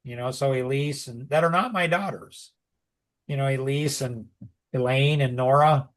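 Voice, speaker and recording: A middle-aged man talking casually on a podcast, rambling with lots of "like" and "you know" and animated asides. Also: medium pitch, moderate pace. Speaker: podcast co-host. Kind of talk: casual conversational podcast talk.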